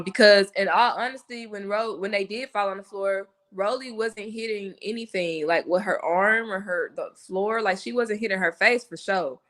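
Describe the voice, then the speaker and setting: A woman's voice: medium pitch, fairly bright tone. A woman co-hosting a casual reality show recap, chatty and giggly, acting out quotes.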